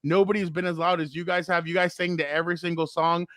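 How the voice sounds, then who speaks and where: This podcast co-host is a talkative, high-voiced man who tells stories with lots of animation, performing each quote in casual conversation. His delivery is quick, and the studio sound is clean with no echo.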